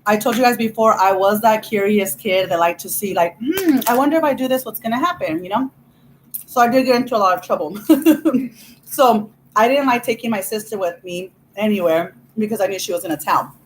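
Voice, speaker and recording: A woman's voice: mid-range voice, a little fast, a little hiss or hum, poor audio. A woman vlogger telling a childhood story in a chatty, laughing way, full of "you know". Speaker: vlogger host. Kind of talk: casual storytelling while eating.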